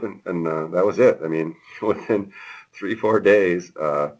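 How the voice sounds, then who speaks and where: A man lecturing a class in a relaxed, chatty way, with many fillers and personal stories. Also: low-pitched, unhurried, slightly rough, poor audio. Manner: relaxed and chatty, lots of ums and anecdotes. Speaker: university lecturer.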